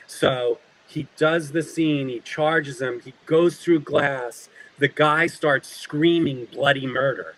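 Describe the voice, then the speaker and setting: A man who works as an actor, a guest telling lively stories in casual talk. He acts out quoted lines and often laughs. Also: medium pitch, unhurried, few pauses, rough recording.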